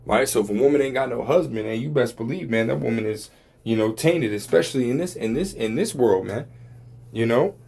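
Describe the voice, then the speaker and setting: A man talking casually about religion in a rambling way, full of swearing and filler words. His voice sits at an ordinary middle pitch. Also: a little fast, vocal fry, a little mellow, breathy edge.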